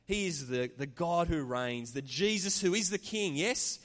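A man's voice: on the high side, animated, measured pace, a bit bright, big-room sound. A man preaching a sermon as pastor, earnest and conversational, with chatty asides to the congregation. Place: church.

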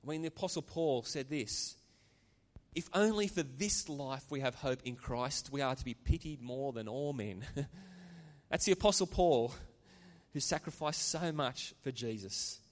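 A man's voice: mid-range voice, measured pace, in a large hall. A man preaching a sermon as pastor, earnest and conversational, with chatty asides to the congregation. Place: church.

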